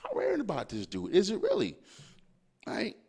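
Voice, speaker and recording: Young male podcast host, high and very animated voice, profane casual rant. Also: fairly quick, gravelly, husky. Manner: animated, swearing freely, riffing with rhetorical questions.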